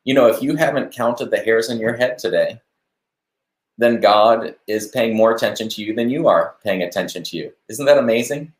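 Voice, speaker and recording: A man hosting a live stream, giving a relaxed devotional talk on a verse and chatting to viewers as they comment. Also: mid-range voice, moderate pace, echoey room. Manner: conversational, warm-hearted preaching with asides to viewers.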